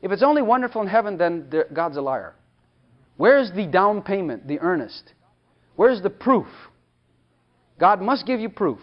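A man delivers an emphatic sermon in a strikingly high voice that swoops up and down. He keeps asking the congregation questions and slips into speaking as God. The recording sounds dull and lo-fi. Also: big pitch swings, moderate pace, pauses often. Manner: emphatic, rhetorical questions, acts out God's voice. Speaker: preacher.

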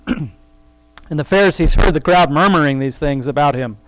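Man leading a bible study, fairly high voice, dry close sound, slow reading then chatty asides. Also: no room sound. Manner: reads scripture slowly, then comments in a rambling conversational way; laughs at his own remarks. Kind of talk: casual Bible reading and commentary.

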